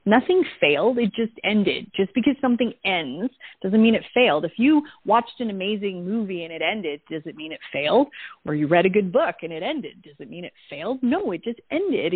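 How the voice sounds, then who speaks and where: A woman's voice: mid-range voice, expressive, normal speed, husky, no room sound. A middle-aged woman speaking candidly in a casual conversation, telling personal stories and reflecting. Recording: tinny call audio.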